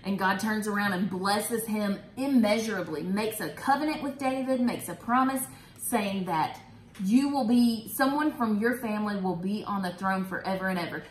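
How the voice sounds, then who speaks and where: A woman's voice: mid-range voice, normal speed, slight background noise. A woman hosting a casual Bible study talk, chatty and enthusiastic. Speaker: host. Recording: roomy echo.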